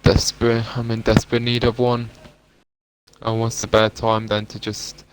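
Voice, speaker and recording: A man doing live commentary on a sim racing league, in relaxed, joking banter with his co-commentator, through a poor-quality mic. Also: mid-range voice, moderate pace, background noise.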